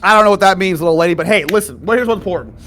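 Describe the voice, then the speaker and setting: A jovial, tipsy skeleton guide, put on by a man running a tabletop game, rambling in a folksy drawl and chuckling to himself. The voice sits high and bright, with a forceful edge. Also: racing, slight background noise. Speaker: game master.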